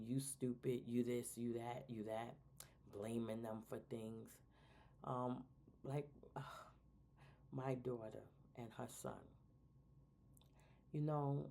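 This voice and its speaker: A middle-aged woman talks casually as a show co-host, giving advice on parenting. Her voice sits low and mellow with a gravelly edge. She animates her points by slipping into quoted voices of other people. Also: a little hiss or hum. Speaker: podcast co-host.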